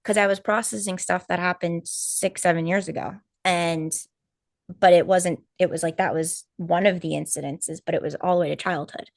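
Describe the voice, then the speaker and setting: A woman co-hosting a live stream, telling a personal story in casual chat, animated and full of fillers and quoted asides. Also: lowish voice, normal speed, gravelly, no room sound, studio quality. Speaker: co-host of a spiritual healing live stream.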